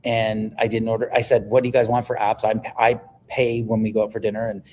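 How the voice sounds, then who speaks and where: Animated man telling stories. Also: lowish voice, a little fast, slight background noise. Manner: animated storyteller, emphatic, repeats words when excited. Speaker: guest on a health livestream. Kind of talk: casual livestream conversation.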